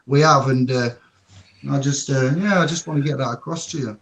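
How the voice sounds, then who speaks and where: A man's voice: mid-range voice, fairly quick, a bit bright, a little hiss or hum. A man on a panel talk, emotional and rambling, swearing now and then. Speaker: panel guest. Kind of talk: impassioned panel chat.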